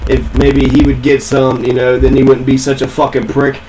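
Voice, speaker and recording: A man's voice: mid-range voice, monotone, normal speed, mellow, a little hiss or hum, rough recording. A man ranting in a casual, rambling way, swearing a lot and repeating himself. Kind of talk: casual profane rant.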